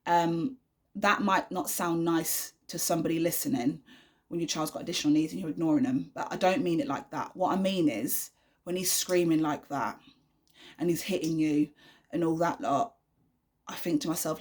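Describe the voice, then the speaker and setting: Frank chatty mum, low-pitched. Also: female voice, moderate pace. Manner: chatty, frank, many fillers. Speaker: vlogger, mother. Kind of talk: candid unedited vlog. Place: her bedroom at home.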